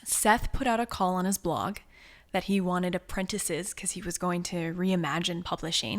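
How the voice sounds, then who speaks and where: A young adult woman who works as an author and coach speaks as a guest in a conversational podcast interview. Her voice sits on the low side at a moderate pace, and she comes across earnest and reflective, growing animated when quoting herself.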